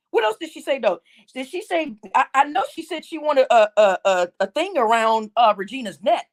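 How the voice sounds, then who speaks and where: Indignant high-voiced woman livestream host. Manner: indignant, scolding, repeats herself. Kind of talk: heated livestream rant.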